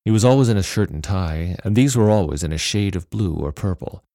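A man reading a novel aloud as narrator in a steady, measured way. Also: low voice, no room sound, clean studio sound. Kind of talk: storybook narration.

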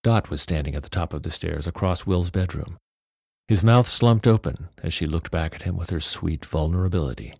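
A man reading a novel aloud as narrator in a steady, measured way. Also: deep voice, gravelly, slightly rough, dry recording, clean studio sound. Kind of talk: storybook narration.

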